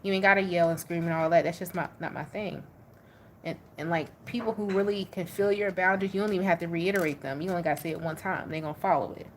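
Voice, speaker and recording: A woman tarot reader talks through a casual reading in a lively, slangy voice. She drives her points home by repeating them, and a faint background hiss runs under the recording. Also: on the low side, quick pace. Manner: animated, slangy, emphatic repetition.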